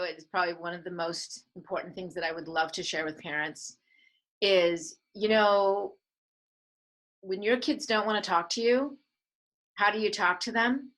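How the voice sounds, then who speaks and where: A middle-aged woman who is a filmmaker and a mother speaks earnestly as a guest in a conversational interview. Her voice sits in the mid-range, and she grows animated when quoting other people. The recording quality is low.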